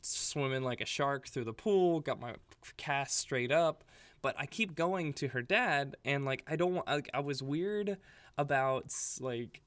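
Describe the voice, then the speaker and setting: A man co-hosting a podcast, telling a story in a casual, animated way with lots of "like" fillers. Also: mid-range voice, a little slow, no echo. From Libya. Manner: filler-heavy, animated, laughing while telling stories. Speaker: podcast co-host.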